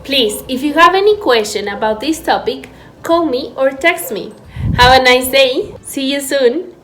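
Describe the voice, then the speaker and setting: Slow-woman teaching English. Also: high voice, expressive, a bit bright. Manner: slow, clear, syllable-by-syllable explanations. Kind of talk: recorded online class. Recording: echoey room with faint background noise.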